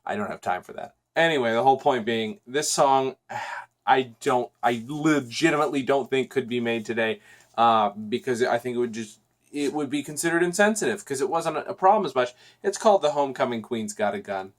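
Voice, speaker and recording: A man hosts a solo podcast in a loose, chatty review voice. He rambles, doubles back on himself and fills gaps with "um" and "uh". His pitch sits in an ordinary middle range for a man. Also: expressive, brisk. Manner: rambling, chatty, frequent restarts and fillers. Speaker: podcast host.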